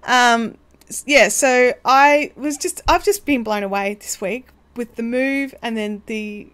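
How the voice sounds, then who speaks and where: A woman's voice: fairly high pitch, unhurried, a bit bright. An Australian woman hosting a casual craft livestream, chatty and bubbly, rambling with lots of fillers. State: hiccups. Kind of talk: casual live chat.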